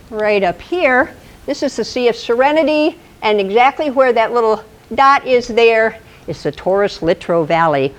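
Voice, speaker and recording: Playful female presenter at a live talk, higher pitch and very animated delivery. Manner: playful, animated, asks the audience questions. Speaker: presenter at an astronomy club talk. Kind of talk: lively storytelling lecture.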